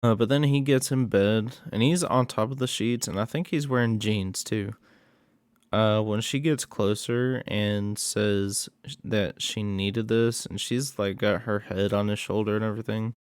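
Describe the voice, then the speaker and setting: A man's voice: lowish voice, steady tone, a little slow, clean tone, no room sound, clean studio sound. A man casually recapping a horror movie plot in a rambling way, with many fillers and asides.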